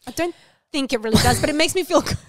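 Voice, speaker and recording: A woman's voice: sits high, lively intonation, fast talker, fairly bright tone, no room sound. A young woman co-hosting a podcast in a casual chat, rambling frankly and swearing freely. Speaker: podcast co-host.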